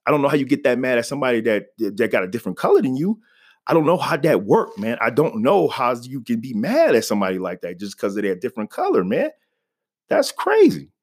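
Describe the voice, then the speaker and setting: Very animated and fast, a man with a husky, medium-pitched voice hosts his own podcast from a home mic. He talks loosely and conversationally by himself, frequently using "man" and "you know."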